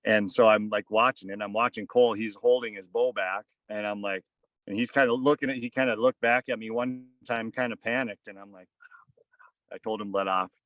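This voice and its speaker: A man's voice: lowish voice, steady tone, brisk, fairly bright tone, no room sound. A man in his thirties or forties, a podcast guest, telling a casual story in a rambling way full of "kinda" and "like.". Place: on a fishing boat.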